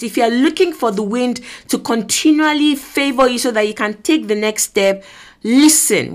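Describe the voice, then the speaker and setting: A woman with a Nigerian accent preaching an earnest sermon, exhorting listeners and acting out voices from scripture. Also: a little high. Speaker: preacher and podcast host.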